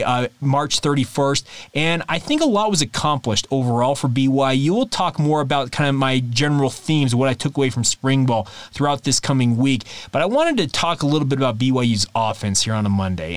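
A man's voice: mid-range voice, no room sound. A man hosting a sports podcast alone, giving emphatic, confident commentary and repeating words for stress. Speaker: podcast host.

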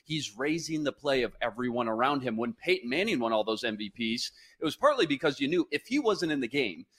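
A man co-hosting a sports podcast, reasoning through his case in a measured way. His voice has a plain mid pitch. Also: lively intonation, a bit bright, slightly rough. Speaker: podcast co-host. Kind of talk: sports analysis talk.

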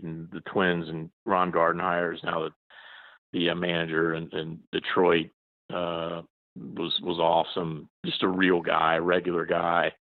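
A man in his forties with a very low, deep voice talks casually as a journalist guest. He rambles, restarting sentences and filling gaps with ums. The sound is dry and thin, like a phone call. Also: no echo. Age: 40s. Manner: rambling, many restarts and fillers. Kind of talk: casual interview chat. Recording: tinny phone line, dry.

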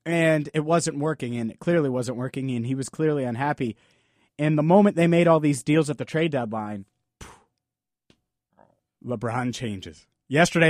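A man's voice: medium pitch, no room sound, studio quality. A man hosting a sports talk podcast, delivering an emphatic, opinionated monologue full of rhetorical questions. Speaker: podcast host.

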